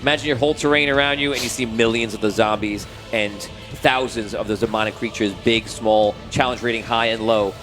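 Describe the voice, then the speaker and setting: A man's voice: lowish voice, fairly even intonation, fairly quick, hardly any pauses. A man runs a tabletop game as its game master. He narrates in a rambling way, full of fillers. Music plays behind him. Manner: rambling, many fillers and restarts. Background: background music.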